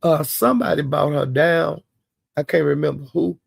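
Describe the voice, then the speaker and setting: Gravelly-voiced man gossiping. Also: fairly high pitch, moderate pace, no room sound. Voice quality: gravelly, husky. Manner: rambling, with quoted asides. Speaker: channel host. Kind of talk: casual gossip storytelling.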